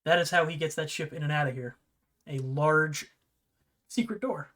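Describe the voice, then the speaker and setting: A man running a tabletop game as game master, narrating in a relaxed, rambling way. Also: fairly high pitch, normal speed.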